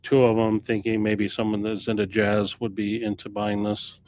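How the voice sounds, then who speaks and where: A man who runs a record store talks about new arrivals on a casual live stream, his fairly low, slightly mellow voice staying monotone at a moderate pace. He rambles off the cuff, often correcting himself in the middle of sentences.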